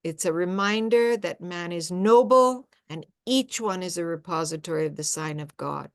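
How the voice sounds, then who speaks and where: A woman speaking earnestly at a faith gathering, presenting a reflective talk with slides and often halting to restart. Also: lowish voice, smooth.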